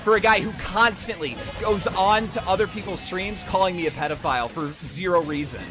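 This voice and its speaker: A man's voice: high-pitched, fairly quick, over music. A man on a played stream clip talking defensively and indignantly. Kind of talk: live-stream talk.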